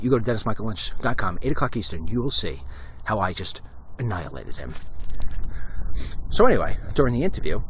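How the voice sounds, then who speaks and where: A man's voice: medium pitch, fairly bright tone, a little hiss or hum. A man from Long Island, hosting a walk-and-talk vlog and telling stories bluntly with acted-out quotes. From Long Island, New York. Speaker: host. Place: outdoors, walking.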